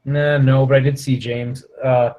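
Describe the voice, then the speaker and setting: A man's voice: medium pitch, level tone, measured pace, warm tone, dull audio. Man rambling casually as podcast host. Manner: rambling, hesitant, many fillers. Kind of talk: casual chat.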